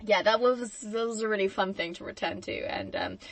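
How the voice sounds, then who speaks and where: A woman's voice: mid-range voice, fairly quick. A woman hosting a podcast, chatting casually about a film, laughing often and acting out quoted lines. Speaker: podcast host.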